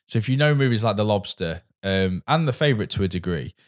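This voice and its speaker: A man reviewing a film in loose, casual chat. His voice sits fairly low, and he rambles, backtracks and starts sentences over as he goes. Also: expressive, quick pace. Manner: rambling, restarts, acts out quoted dialogue.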